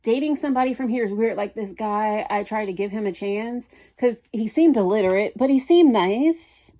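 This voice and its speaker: A woman's voice: mid-range voice, moderate pace, warm tone. A young woman telling a rambling, blunt story about dating, often exasperated as she quotes people.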